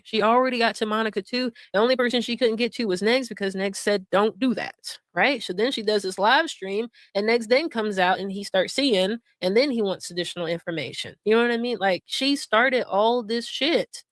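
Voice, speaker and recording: A woman's voice: medium pitch, no echo. A woman hosting drama commentary, sarcastic and laughing as she mocks and mimics others. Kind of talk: mocking commentary over stream clips.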